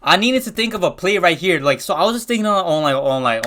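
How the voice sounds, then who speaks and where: High-voiced young man telling a wild story. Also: quick pace, few pauses, heavy background noise. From Pakistan. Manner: slangy, excitable, full of restarts. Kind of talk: casual storytime.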